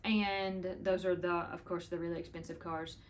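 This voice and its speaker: A woman's voice: lowish voice, flat delivery, normal speed. A woman, chatting casually to the camera, rambling through a story with laughs. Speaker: vlogger.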